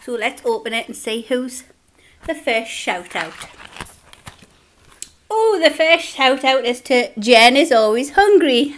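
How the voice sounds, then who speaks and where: A young woman with a Geordie accent chats over a meal, laughing often and talking between bites. Her voice sits a little higher than most. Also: very animated, slow pace, long pauses. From Newcastle, England. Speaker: eating-show vlogger. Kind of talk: casual chat while eating.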